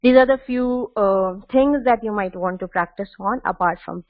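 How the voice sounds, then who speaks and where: A woman's voice: mid-range voice, moderate pace, no echo. A woman presents tips in an online webinar, hesitating often with fillers and restarting her phrases. Her voice sits mid-range. It comes through a thin, phone-like video call line with no room sound. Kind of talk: instructional webinar talk. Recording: tinny phone-like call audio.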